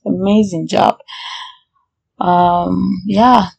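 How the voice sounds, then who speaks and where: A young woman in her own video diary, talking as a PhD student who hosts a podcast. Her voice sits at a middling pitch. She swings between nervous fretting and prayerful, excitable outbursts. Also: slow, vocal fry, noisy background. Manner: excitable, anxious, with prayerful exclamations.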